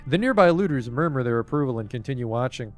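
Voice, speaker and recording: A man's voice: mid-range voice, lively intonation, fast, faint music behind. A young man streaming a game, reading its narration aloud and dropping wry asides.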